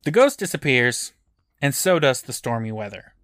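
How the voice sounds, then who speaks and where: A man's voice: mid-range voice, big pitch swings, moderate pace, fairly bright tone, dry recording. A man co-hosting a podcast, recapping an episode in a dry, matter-of-fact storytelling manner. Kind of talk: casual recap narration.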